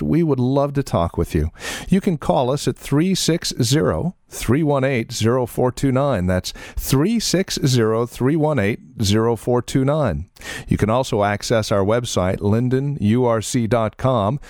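A man's voice: medium pitch, darkish tone, no echo, clean studio sound. Male radio announcer reading contact details. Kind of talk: scripted broadcast outro.

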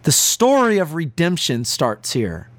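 Man preaching with a lively, swinging pitch. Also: measured pace, no echo. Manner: earnest, emphatic preaching. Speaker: pastor. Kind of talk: sermon. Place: broadcast to listeners at home and on the road.

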